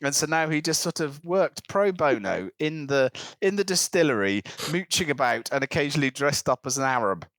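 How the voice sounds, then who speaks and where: A man's voice: on the high side, fairly quick, few pauses, no room sound. A man telling a long anecdote in casual podcast chat, slipping into voices for the people in his story. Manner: animated anecdote teller, slips into character voices. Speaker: podcast co-host.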